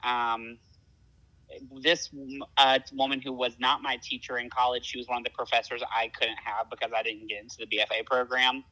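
A man's voice: mid-range voice, level tone, fairly quick, pushed and bright, low-quality recording. A man with a Southern US accent hosting a casual podcast chat, chatty and self-deprecating. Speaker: podcast host.

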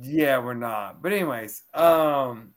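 Male co-host, sports talk, heated and argumentative, unhurried delivery. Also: mid-range voice. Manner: fired up, argumentative, talks over others. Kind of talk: casual sports podcast chat.

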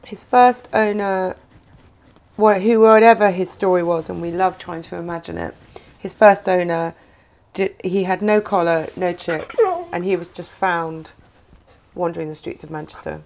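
A woman's voice: fairly low pitch, steady tone, normal speed, a little mellow. A woman hosting a podcast, chatting casually and telling stories about her dog, laughing often. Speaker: podcast host. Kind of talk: casual chat.

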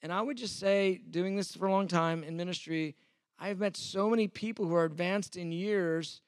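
A man's voice: sits high, fairly even intonation, moderate pace, smooth, dry recording, clean studio sound. A man in his fifties, a pastor, teaching a sermon in a conversational, self-deprecating way, acting out the exchanges he quotes.

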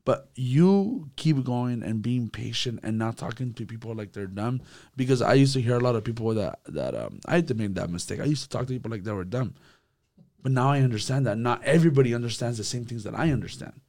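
Man, youth leader, casual church group talk, lively and animated. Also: medium pitch, brisk. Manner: animated, acts out quotes, repeats words.

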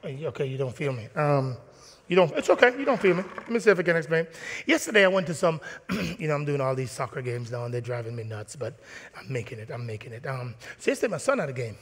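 A man preaching a sermon in a church, animated and playful, acting out little scenes. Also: medium pitch, fast talker, slightly rough. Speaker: pastor. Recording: long reverb of a church hall.

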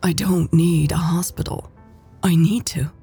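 Woman reading a dazed injured heroine, croaky, low, gravelly, unhurried. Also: fairly even intonation, warm tone, faint music behind, heavily acted. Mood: impatient urgent. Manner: croaky, blurting, impatient.

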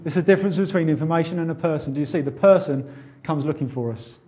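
A man delivers a sermon with conviction, leaning on rhetorical questions and swelling into loud, urgent exhortations. His voice sits a little high. The recording is somewhat dull and muffled. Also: fast. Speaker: preacher.

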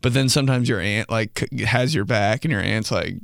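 A man's voice: lowish voice, fairly quick, creaky, a bit bright, no room sound, clean studio sound. A young man casually hosting a solo podcast, joking loosely in slang and laughing between stories. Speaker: podcast host.

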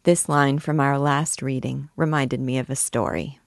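A middle-aged woman guiding listeners through a classic novel, reading passages aloud and commenting on them in a measured, reverent way. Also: a bass voice, steady tone, gravelly, dry recording, studio quality. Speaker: book discussion guide.

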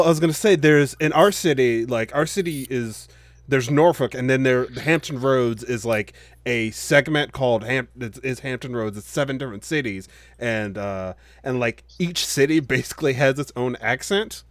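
An American man from Virginia hosts a loose podcast chat. He laughs often and talks in halting, rambling stops and starts, and the sound is dry and close. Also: mid-range voice, no room sound. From Virginia, USA. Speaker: podcast host.

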